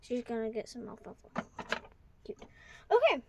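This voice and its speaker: A woman's voice: on the high side, very animated, normal speed, very noisy. A woman vlogging at home in her bedroom, chatting casually to viewers and thinking aloud as she sorts toy horses. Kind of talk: casual running commentary while organizing.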